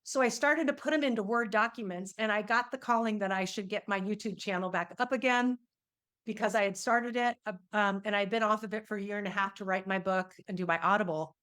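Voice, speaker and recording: A woman's voice: mid-range voice, a little fast, a bit bright, smooth. A middle-aged woman, an energy healer, telling a personal story in an interview and acting out the quoted dialogue with animation.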